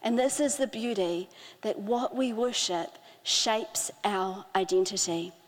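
A middle-aged woman preaching a sermon, earnest, slowing down to stress key phrases. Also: mid-range voice. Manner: earnest, with slow emphatic phrasing. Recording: hall with long reverb.

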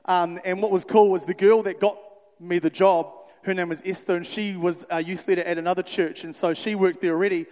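A young man, a youth worker telling stories in a sermon, animated and conversational, acting out the dialogue. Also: high voice, a little fast. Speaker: youth worker speaking to a church. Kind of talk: storytelling sermon. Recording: reverberant hall.

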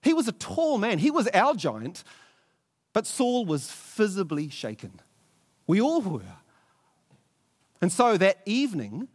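A man telling a story in the first person with sweeping swings of pitch, dropping low for tense moments and rising high for drama. He stammers and repeats now and then. A long reverb hangs behind every line. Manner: vivid, halting, with stammered repeats.

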